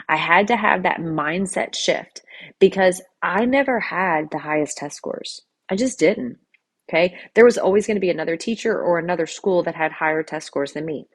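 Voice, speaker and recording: A middle-aged woman talks through her solo podcast in a relaxed, chatty way, tossing in "right?" and "okay?" as she goes. Her voice sits a little low for a woman. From Louisville, Kentucky. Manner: conversational, keeps asking "right?" and "okay?". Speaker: podcast host. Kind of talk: casual solo podcast talk.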